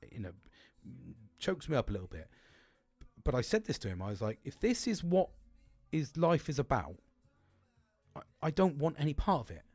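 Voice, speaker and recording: A man's voice: mid-range voice, darkish tone, no room sound. Candid, rambling man, dry close sound. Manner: rambling, open and emotional, heavy swearing, many restarts. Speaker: podcast host. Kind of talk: candid personal talk.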